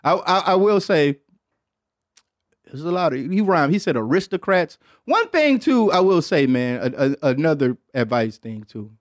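A man's voice: fairly high pitch, big pitch swings, moderate pace, no room sound, studio quality. A man hosting a casual podcast, talking loosely and profanely and laughing often as he rambles. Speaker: podcast host.

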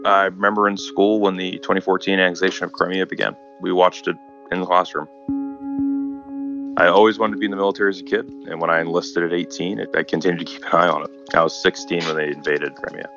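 Low-voiced young American man, halting. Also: level tone, creaky, dull audio, music in the background. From United States. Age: 20s. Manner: halting, with fillers and repeats. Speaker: interviewee, volunteer fighter. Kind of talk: casual interview answers.

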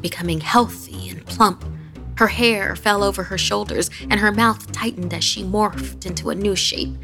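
Slow, gravelly woman narrating horror. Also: fairly low pitch. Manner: slow, hushed, eerie delivery with whispered passages. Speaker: horror podcast host. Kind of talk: dramatic horror story narration.

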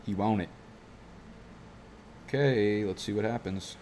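Over a faint hiss or hum, a young man with a fairly low, darkish voice speaks at a measured pace while drafting his fantasy football team for viewers. His casual talk rambles, drifts into tangents, and is full of swearing.

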